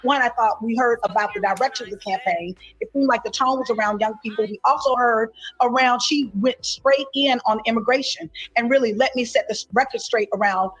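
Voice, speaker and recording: Husky-voiced woman news reporter. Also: fairly high pitch, fairly quick, hardly any pauses, rough recording. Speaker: field reporter. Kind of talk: news report, live recap.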